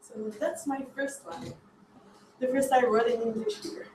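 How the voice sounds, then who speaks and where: High, slow French-accented woman reciting poems. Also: fairly even intonation, darkish tone, a little hiss or hum. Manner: measured, deliberate recitation. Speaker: open mic poet. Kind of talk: poetry reading. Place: cafe venue. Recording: echoey cafe room, mic far off.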